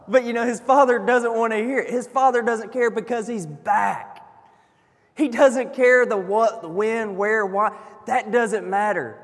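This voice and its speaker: Man, high voice, preacher, earnest storytelling, hushed to emphatic, reverberant hall. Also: unhurried. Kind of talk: sermon.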